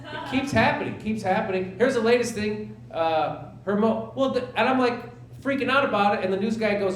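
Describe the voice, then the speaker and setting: Onstage in a small theater, a comedian in his forties acts out exchanges in mocking voices, sounding sarcastic and disbelieving. He speaks briskly in a high voice, with a little hiss or hum on the roomy recording and audience laughter audible.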